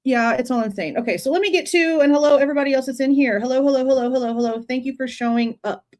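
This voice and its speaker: A young woman with a high voice hosts a casual true crime livestream. She talks in a loose, chatty way and sounds exasperated. She keeps breaking off to greet viewers in the chat by name. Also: fast, darkish tone. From Texas.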